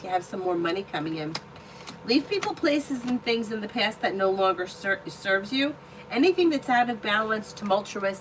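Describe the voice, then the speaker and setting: A woman's voice: mid-range voice, background noise. A woman hosting a live tarot stream who chats casually and tells personal stories bluntly, swearing freely. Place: indoor room at home.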